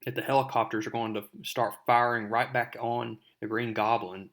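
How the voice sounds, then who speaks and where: A man walks through a comic book issue in a casual, rambling way. He leans on fillers as he retells each scene. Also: lowish voice.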